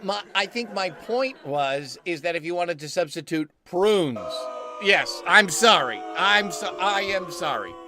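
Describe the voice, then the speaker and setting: A man's voice: high voice, expressive, unhurried, over music, crowd noise. A man playing a sleepy, pompous mustached character who rambles and keeps apologizing in a live comedy bit.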